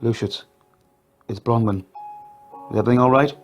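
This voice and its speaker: A man's voice: medium pitch, steady tone, moderate pace, faint music behind, lightly acted. A man voicing a distressed grown woman who pleads through tears in a read-aloud audio story. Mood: shaken. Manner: pleading, voice raised.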